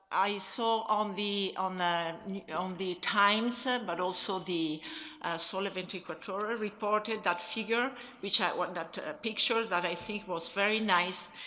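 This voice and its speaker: A woman with an Italian accent, a native Italian speaker, giving a conference talk in English, halting with frequent restarts and fillers. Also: lowish voice, bright, forceful tone. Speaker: conference speaker, stock exchange official. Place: conference hall. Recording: long hall reverb.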